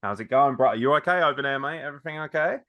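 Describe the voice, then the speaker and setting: Male podcast host, teasing and jokey, casual chat, mid pitch. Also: racing, lo-fi sound.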